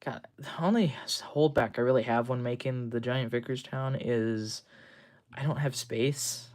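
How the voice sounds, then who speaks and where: A man's voice: medium pitch, a little mellow. A young man chatting casually on a livestream, rambling with lots of ums and restarts while he shows off a model he built at his workbench. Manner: rambling, full of ums and restarts, fast talker. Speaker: livestream host.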